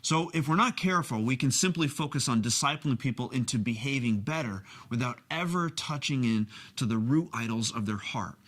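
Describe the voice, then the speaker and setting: Man, mid-pitched, earnest church teacher, personal and plain-spoken. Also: a bit bright. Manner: earnest, personal examples from his own marriage. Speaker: pastor teaching on discipleship. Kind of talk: teaching talk.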